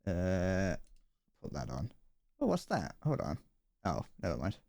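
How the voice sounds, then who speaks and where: A man's voice: sits low, wildly swooping pitch, measured pace, gravelly, darkish tone, no echo, studio quality. A British man streaming a video game, chatting casually and rambling with jokes. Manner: joking and rambling. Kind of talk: casual live-stream chat.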